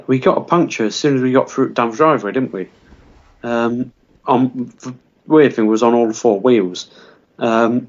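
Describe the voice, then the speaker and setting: Man, podcast co-host, deadpan, rambling, mid-pitched, dull lo-fi recording. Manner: rambling, full of fillers, deadpan. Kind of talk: deadpan comic storytelling.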